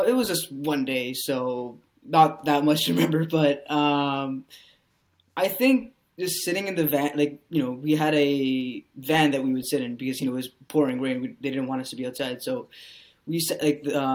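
A man's voice: a little high, moderate pace. Man guest rambling with many fillers. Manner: rambling, heavy use of "you know" fillers. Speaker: actor guest. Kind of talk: casual podcast interview.

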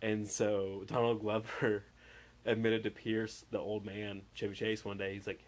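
A man, a tattoo artist, chatting casually and swearing often, excitably acting out the voices of the people in his stories. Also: lowish voice, a little slow. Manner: excitable, profane, acts out voices. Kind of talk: casual chat.

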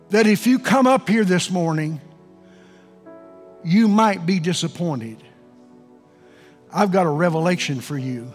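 A male pastor preaches in a church, his high voice leaping from soft, slow pleading up to shouts. His drawn-out delivery rings with the long reverb of a large hall. Faint music plays underneath. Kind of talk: sermon.

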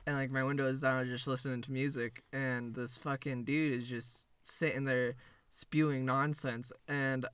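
A man's voice: mid-range voice, flat delivery, normal speed, a bit bright, smooth, dry recording. A young man casually telling funny stories among friends, laid back, swearing freely and laughing as he goes. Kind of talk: casual storytelling chat.

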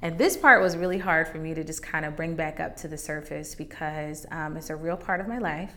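A woman's voice: low-pitched, a little fast, fairly bright tone. A woman hosting a faith podcast, candidly sharing a personal testimony in a conversational way that turns emotional at times. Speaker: podcast host.

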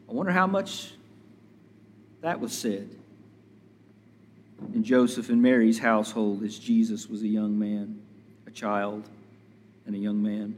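A man preaching a sermon as a pastor, measured and deliberate, building emphasis through repetition. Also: medium pitch, steady tone, big-room sound.

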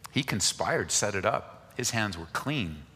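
A man preaching a sermon, reading scripture aloud and speaking directly to the congregation, moving from raised, urgent pleas to low, quiet asides. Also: expressive, unhurried, a little hiss or hum. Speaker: pastor. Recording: long hall reverb.

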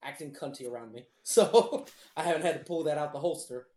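A man with a fairly high voice talks fairly quickly in a casual, crude podcast chat, telling stories full of swearing and laughter. His animated, profane storytelling includes impressions and acted-out voices, and the recording has a roomy echo.

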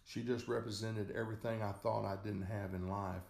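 A man reading a short story aloud as narrator, in a slow, measured way. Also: fairly low pitch, steady tone, vocal fry, darkish tone. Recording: echoey room.

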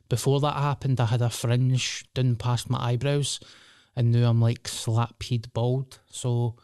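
A man's voice: medium pitch, darkish tone, clean tone, dry recording, studio quality. A Glaswegian man in his thirties hosting a solo podcast, rambling and swearing in a jokey, casual way. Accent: Scottish, Glasgow. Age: 30s. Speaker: podcast host.

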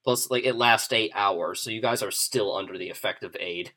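A man running a tabletop game as game master, relaxed and chatty, thinking aloud with fillers. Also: fairly low pitch, normal speed.

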